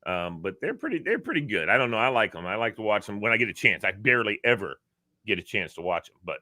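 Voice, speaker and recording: A man from Virginia, co-hosting a casual talk show, telling an animated story and acting out the quotes. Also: fairly low pitch, fast talker, dry recording, studio quality. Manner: animated, acts out quotes, laughs often. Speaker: podcast co-host.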